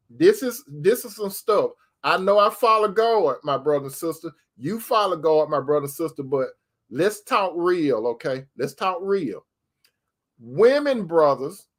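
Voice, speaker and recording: Folksy preaching man, higher voice. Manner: folksy, repeats phrases, addresses brothers and sisters directly. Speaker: host. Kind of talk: casual preaching talk to viewers.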